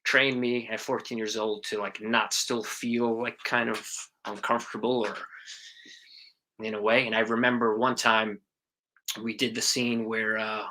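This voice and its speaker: A man in his forties, an actor guest telling animated stories about his past film work in a casual interview. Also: fairly low pitch, a little slow. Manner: animated storyteller, acts out quotes, swears casually.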